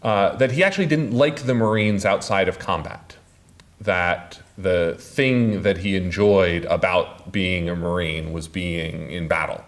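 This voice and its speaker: A man giving a public talk as an author, speaking haltingly with many filler sounds. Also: low-pitched. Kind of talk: public lecture.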